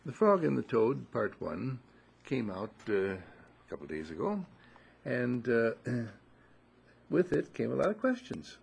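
Male speaker spinning a folksy parable, animated delivery, rough gravelly tone. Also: medium pitch, slow pace, pauses often. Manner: lively, folksy storytelling with fillers. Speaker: inspirational speaker. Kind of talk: storytelling talk, parable.

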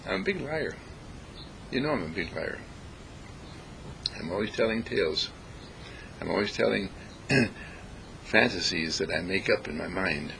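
A man giving a reflective spiritual talk, deliberate and emphatic, repeating phrases to stress them. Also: low-pitched, lively intonation, gravelly, pushed and bright, slight background noise, low-quality recording. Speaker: spiritual speaker.

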